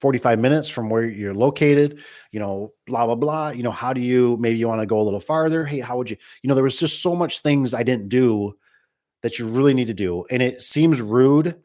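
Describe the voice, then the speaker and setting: A man's voice: mid-range voice, a little fast, darkish tone. A man who runs a garage door business, giving casual, rambling advice and acting out little exchanges with customers. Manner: rambling, folksy, acts out dialogue.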